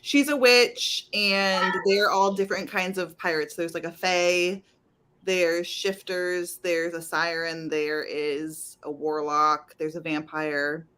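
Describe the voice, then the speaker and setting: Lower-voiced chatty woman in a book chat. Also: steady tone, takes it slowly, a bit bright, smooth. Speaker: book club member. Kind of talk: casual group video chat.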